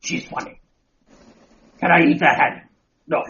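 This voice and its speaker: A man voicing a menacing male alien symbiote in a lowered, growly put-on voice, speaking in slow, threatening declarations. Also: pushed and bright. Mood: menacing, playful. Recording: muffled lo-fi audio.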